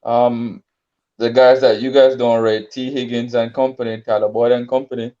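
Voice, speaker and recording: Mellow, hesitant man debating football. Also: medium pitch, flat delivery, moderate pace, lo-fi sound. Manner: laid-back, hesitant with many ums and restarts. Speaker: sports podcast co-host. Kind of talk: casual sports debate.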